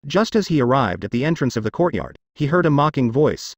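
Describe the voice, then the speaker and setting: A man reading a fantasy novel as scripted audiobook narration, with an even, unhurried reading. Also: mid-range voice, no room sound, studio quality.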